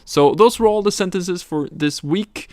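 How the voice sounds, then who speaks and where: A man teaching a recorded language lesson, slowly explaining words, tones and examples. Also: high voice, no echo.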